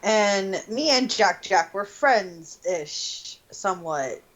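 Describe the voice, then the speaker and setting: Female co-host, casual rambling storyteller, mid pitch, muffled lo-fi recording. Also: lively intonation, slow pace, a bit bright. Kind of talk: casual chat. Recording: dull lo-fi sound.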